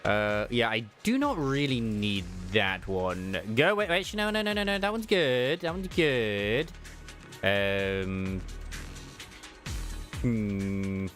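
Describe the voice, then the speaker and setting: A man's voice: sing-song, slow pace, fairly bright tone, soft background music. A man streaming a game, chatting casually, swearing freely and reading game lines aloud. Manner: chatty, swears casually, jumps into higher pitch when reading dialogue.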